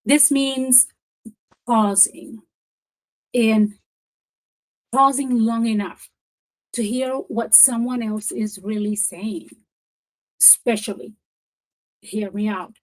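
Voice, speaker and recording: A woman with a slightly high voice presents a professional development webinar. Her delivery is lively and encouraging, like a coach. She leans on key words and repeats them for emphasis. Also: slow pace, long pauses, low-quality recording.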